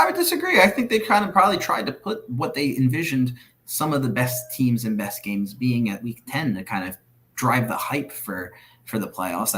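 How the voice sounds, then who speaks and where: A man's voice: medium pitch, a bit bright. A man co-hosting a sports podcast, giving earnest, opinionated takes in casual chat. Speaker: podcast co-host.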